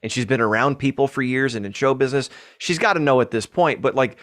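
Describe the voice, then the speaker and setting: A man's voice: mid-range voice, fast talker, fairly bright tone. A man from the American Midwest, a podcast co-host talking bluntly and jokingly with plenty of swearing. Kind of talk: casual chat.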